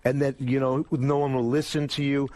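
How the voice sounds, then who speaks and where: A man, a comedian guest on a talk show, telling a long story in a casual, animated and profane way, acting out the voices of the people he quotes. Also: mid-range voice, moderate pace, no room sound. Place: radio studio. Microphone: close studio mic.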